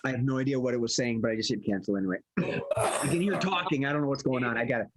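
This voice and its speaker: A man's voice: mid-range voice, fast, heavy background noise. A man hosting an improv game over a video call, giggling and reading prompts from a hat. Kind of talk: hosting online improv show.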